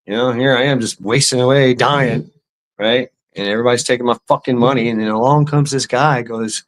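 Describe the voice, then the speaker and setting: A man's voice: medium pitch, fairly even intonation, a little fast. A man ranting casually and sarcastically as a vlogger, with lots of stammered repetitions and swearing. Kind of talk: casual profane rant.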